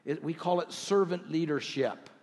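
Pastor preaching in a reverberant hall. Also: male voice, fairly high pitch, a little mellow. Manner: earnest, reads scripture slowly, asks rhetorical questions. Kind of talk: sermon. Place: church sanctuary.

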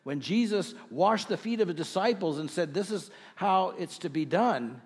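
A middle-aged male pastor preaching a sermon to his congregation, earnest, with rhetorical questions and slow scripture readings. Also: sits high, animated, husky, long reverb tail. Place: church sanctuary.

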